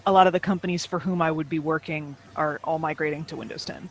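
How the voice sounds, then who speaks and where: A man with a high-pitched voice, just out of bed, co-hosting a casual podcast. He grumbles through his stories in a joking way, laughing along the way. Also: steady tone, quick pace, slight background noise, low-quality recording. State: just woke up, voice lower than usual. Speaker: podcast co-host. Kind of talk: casual chat.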